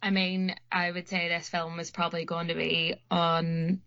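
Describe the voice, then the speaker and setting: A woman's voice: lowish voice, little pitch movement, unhurried, a bit bright. A young woman with a Northern Irish accent chatting casually on a podcast, rambling anxiously with lots of fillers. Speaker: podcast co-host. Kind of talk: casual chat. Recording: muffled lo-fi audio.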